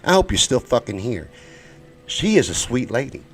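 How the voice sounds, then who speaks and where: Host, male, American; profane live-stream ranter, very animated pitch, flips from shouting to muttering. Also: moderate pace, a little hiss or hum. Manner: heated, profane, swings between shouting and muttering. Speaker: show host.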